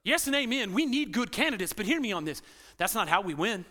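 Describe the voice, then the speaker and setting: Guy preaching in church, high bright voice, goes from loud to really quiet and intense. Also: fast. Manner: animated preaching, swinging between loud emphasis and hushed intensity. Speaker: pastor. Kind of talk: sermon. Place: church sanctuary.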